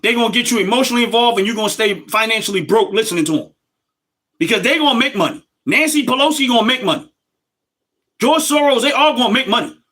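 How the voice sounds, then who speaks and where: A man's voice: very high-pitched, fast, bright, forceful tone. A middle-aged man, hosting a casual livestream and talking emphatically straight to his viewers. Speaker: livestream host.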